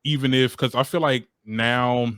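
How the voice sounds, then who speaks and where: A man hosting a casual interview, chatty and relaxed, with many fillers. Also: mid-range voice, a little slow, clear, resonant tone, no echo, studio quality. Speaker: interview host.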